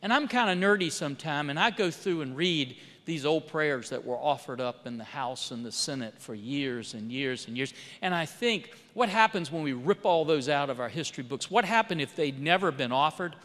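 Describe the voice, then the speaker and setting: A man, a congressman, telling stories in a speech at a church, swinging between loud and soft emphasis and acting out quoted dialogue. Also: a little high, animated, moderate pace, few pauses. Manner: storytelling with rising and falling emphasis, quoting others in dialogue. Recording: long hall reverb.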